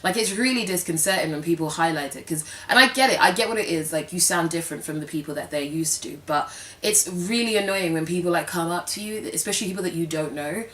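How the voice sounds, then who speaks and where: A woman's voice: on the low side, quick pace, a bit bright. A young British woman talking casually and frankly to camera, full of fillers and quoted asides. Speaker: vlogger. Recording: roomy sound from a distance.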